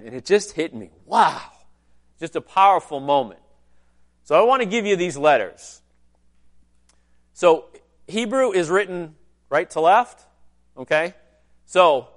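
A pastor preaching a sermon in a church, teaching in a conversational way and turning to the congregation with asides and questions. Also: male voice, a little high.

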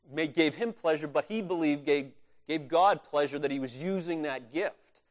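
A man's voice: fairly high pitch, moderate pace. A male pastor preaching a sermon in a conversational, earnest way, stressing his key points.

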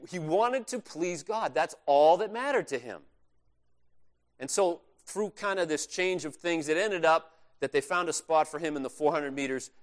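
A male pastor preaching a sermon in a conversational, earnest way, stressing his key points. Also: fairly high pitch.

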